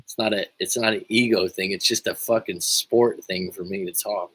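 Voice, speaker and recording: A man's voice: sits low, steady tone, moderate pace, a bit bright, breathy edge, poor audio. A man coaching on a livestream in a casual, joking and profane way, rambling with frequent restarts while reading viewer comments. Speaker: life coach.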